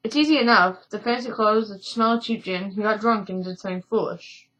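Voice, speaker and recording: Woman voices a pointed young lady, dry wit, mid-range pitch, game read-aloud. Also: brisk, fairly bright tone, lo-fi sound, close to an everyday voice. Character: sharp-tongued young lady, activist.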